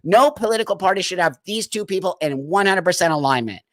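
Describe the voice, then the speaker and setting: A man's voice: high voice, animated, fast talker, no echo, clean studio sound. A man hosting a live stream of political commentary, talking straight to his viewers in a heated, emphatic way. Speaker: livestream host.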